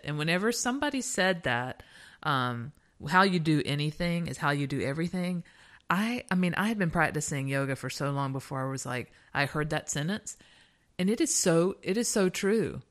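A woman with a very low voice co-hosting a casual podcast. Her pitch swings widely as she talks, and she speaks candidly and reflectively, swearing in passing. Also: expressive, normal speed, fairly bright tone. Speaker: podcast co-host. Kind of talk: casual chat.

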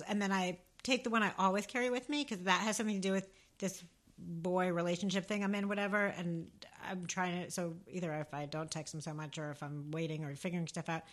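A woman's voice: mid-range voice, a bit bright. A young adult woman chats casually on a podcast, playful and a little dramatic. She pokes fun at herself as she talks. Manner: playful, self-mocking, dramatic. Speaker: podcast co-host. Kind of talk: casual chat.

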